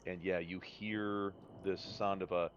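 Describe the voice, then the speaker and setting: A man's voice: deep voice, flat delivery, slow pace, a little hiss or hum. A man narrating as game master of a tabletop game, hesitant, with many fillers and restarts. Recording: dull lo-fi stream audio.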